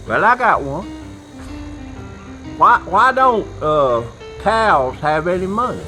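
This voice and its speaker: A man's voice: sits high, sing-song, slow, sharp tone, soft background music, full character voice, rough recording. A man voicing a folksy country fellow who swaps corny jokes with a drawl. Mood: folksy joking. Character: PeaRoy, folksy country man puppet-style character. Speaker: joke-telling sidekick.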